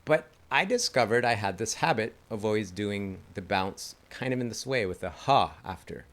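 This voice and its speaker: A man's voice: lowish voice, animated, normal speed, fairly bright tone. A man teaching a didgeridoo lesson in a casual, enthusiastic way, chatting and laughing at his own slips. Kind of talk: casual instructional talk.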